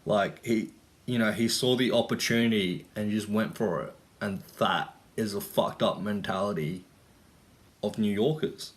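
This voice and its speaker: On the low side and unhurried, a young vlogger's voice drifts through casual storytelling and ranting. There's plenty of swearing and rambling, peppered with "like" and "you know."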